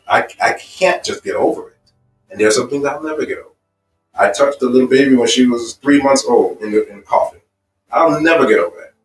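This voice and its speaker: In a seminar room with an echo, this man's medium-pitched voice comes through poor audio recorded from a distance. Teaching a marriage seminar, he builds his points with personal stories, stacking phrases in an emphatic, repetitive way.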